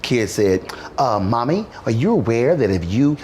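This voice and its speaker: Male host, mid pitch, lively swinging delivery, noisy feed. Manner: blunt, profane storyteller with quick backchannels. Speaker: talk show host. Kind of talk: casual talk-show chat.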